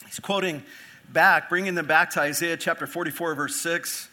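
A man's voice: on the high side, steady tone, normal speed, bright, forceful tone. A man preaching an earnest expository sermon as pastor, asking rhetorical questions and repeating phrases for emphasis.

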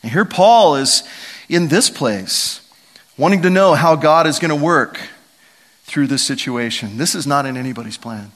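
A middle-aged man preaching a sermon, telling stories with animated, dramatic emphasis. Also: a little high, normal speed. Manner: animated, storytelling, lively emphasis and dramatic vocal swings. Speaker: pastor.

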